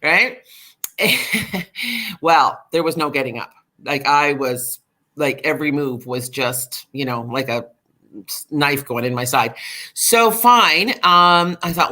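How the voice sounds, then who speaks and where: A middle-aged woman, a podcast guest, candidly telling a personal recovery story in an animated way, full of fillers. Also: low-pitched, slow.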